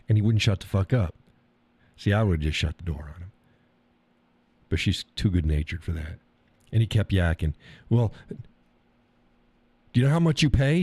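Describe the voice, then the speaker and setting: A middle-aged man from the States tells a story as a casual, profane rant, stumbling over repeated words and mimicking the people in it. His voice sits fairly low and sounds dark and mellow. The mic is close and dry. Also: no room sound. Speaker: live stream host.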